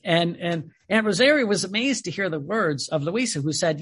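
A man reading aloud and commenting on a spiritual text, telling stories in a digressive, animated way. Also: sits high, moderate pace, few pauses, breathy edge. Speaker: religious teacher.

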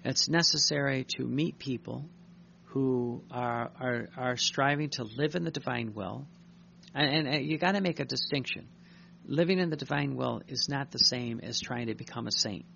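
Male priest, earnest sermon delivery, repeats himself, gravelly tone. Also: medium pitch, sharp tone, lo-fi sound, a little hiss or hum. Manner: earnest, repeats words, reads aloud slowly then tells stories. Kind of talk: sermon reading and commenting on a devotional text.

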